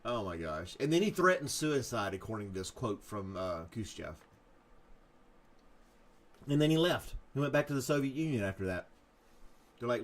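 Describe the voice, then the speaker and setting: Male live-show host, casual chat, jokey and self-amused, mid-pitched voice. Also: sing-song, moderate pace, fairly bright tone. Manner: joking, laughs often at his own bits.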